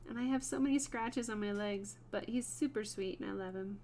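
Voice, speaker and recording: A woman's voice: mid-range voice, a little fast, mellow, slight background noise. A woman hosting a wood burning livestream, chatting casually with viewers by name and laughing often while she works.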